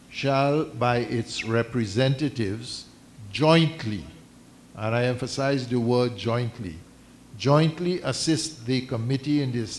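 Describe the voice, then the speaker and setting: Guy talking at a community meeting, slow and careful, reads from papers, stumbles a bit. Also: medium pitch, slight background noise. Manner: measured, deliberate, halting with restarts, reads out documents. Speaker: mosque community representative addressing a meeting. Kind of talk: formal address to a meeting. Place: islamic centre meeting hall.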